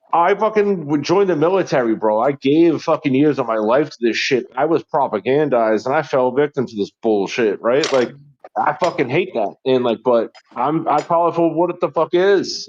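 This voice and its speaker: A man talking heatedly on a call, angry and swearing constantly, with halting restarts. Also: medium pitch, lively intonation, a little mellow, muffled recording, slight background noise. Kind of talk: casual heated chat.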